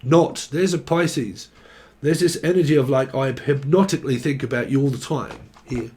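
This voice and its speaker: Young man, tarot reader; loose, profane, joking delivery at a mid-range pitch. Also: normal speed, a little mellow. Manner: joking, rambling and swearing freely. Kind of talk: casual tarot reading.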